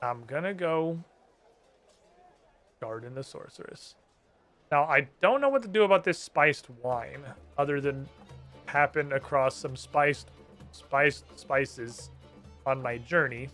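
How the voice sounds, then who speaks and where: A man's voice: fairly high pitch, lively intonation, slow, pauses often, fairly bright tone, faint music behind. A man streaming a game and chatting casually, swearing and making fun of himself as he plays. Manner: swearing, self-deprecating, chatty. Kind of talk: casual gameplay commentary.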